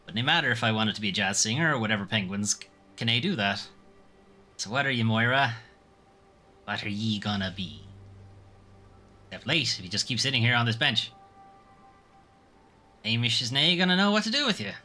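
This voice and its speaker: A man's voice: medium pitch, animated, fairly quick, long pauses, bright, forceful tone, faint music behind. A man voicing a spirited, stubborn young girl, reading game dialogue aloud in a raised voice. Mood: musing.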